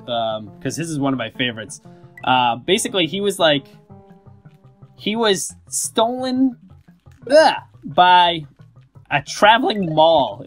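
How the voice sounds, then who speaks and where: Male gaming commentator, a bit higher voice, chatty and swearing, light music underneath. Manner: rambling, chatty, swears while playing. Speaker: gaming YouTuber. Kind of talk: casual let's-play commentary.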